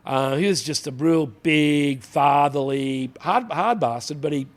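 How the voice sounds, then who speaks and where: Rambling Australian ex-cop telling stories. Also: male voice, fairly high pitch, measured pace. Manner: blokey, rambling anecdotes with frequent "you know". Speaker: interview guest, former police officer. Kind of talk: casual storytelling interview.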